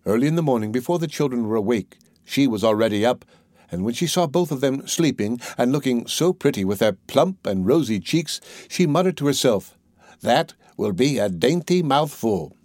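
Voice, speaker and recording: A man reads a classic fairy tale aloud in a steady, measured narrating voice. His pitch sits in the middle range. The recording is dry, with almost no room sound. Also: no echo. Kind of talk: storybook reading.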